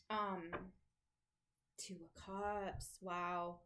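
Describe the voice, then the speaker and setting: Speaking at a measured pace in a medium-pitched voice, a woman does a casual tarot reading to camera from home, her dogs nearby. She's chatty, thinks aloud, and swears now and then, and the recording quality is low.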